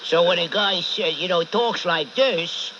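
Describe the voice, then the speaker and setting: A talk radio host with a high voice speaks a little slowly in a New York accent. Blunt and sarcastic, he berates and interrupts callers on his combative call-in show, heard through a dull AM broadcast with faint hiss.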